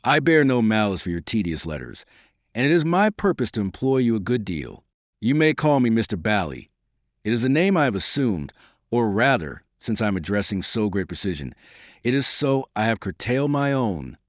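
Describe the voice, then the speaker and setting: Man voicing a mocking adult gentleman, commanding, cool, cutting, lowish voice, lively pitch. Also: moderate pace, no room sound, clean studio sound.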